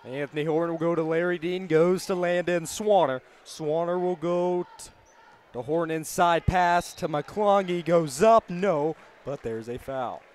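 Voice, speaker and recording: A man calling a high school basketball game play-by-play, passing the ball from name to name in a steady call that lifts when a shot goes up. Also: measured pace. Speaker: play-by-play announcer. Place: school gym.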